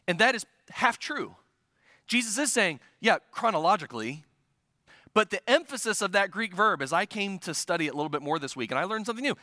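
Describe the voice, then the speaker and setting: A male pastor preaching with a high, bright, forceful voice. He talks earnestly and with emphasis, stumbling and restarting as he drives a point home. The sound is close and dry. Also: lively intonation, brisk, dry recording. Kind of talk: sermon.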